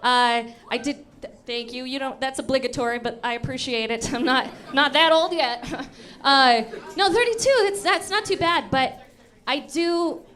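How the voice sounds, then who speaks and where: A woman's voice: high voice, normal speed, a bit bright. A woman in her thirties doing a stand-up comedy set in a comedy club, telling self-mocking stories playfully into a handheld mic. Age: 30s.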